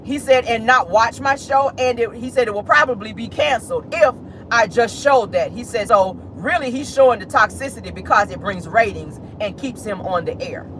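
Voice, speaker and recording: A woman's voice: fairly high pitch, brisk, fairly bright tone, slight background noise. A woman dishing celebrity gossip from her car, sassy and chatty, calling listeners honey and child. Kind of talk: casual gossip commentary. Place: inside a car.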